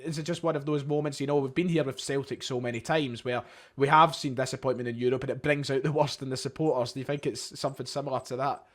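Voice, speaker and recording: A young Scottish man talks quickly in a casual football podcast, sitting at a middle pitch. He leads the chat over a video call with easy, chatty asides to his co-hosts. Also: steady tone. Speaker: podcast host.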